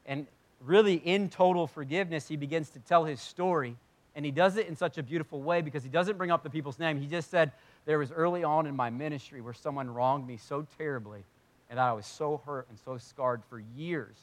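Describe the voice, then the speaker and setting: A man preaching a sermon to a congregation in a church hall, speaking earnestly and conversationally, swinging from loud emphasis to hushed tones. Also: on the high side, fairly quick. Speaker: pastor.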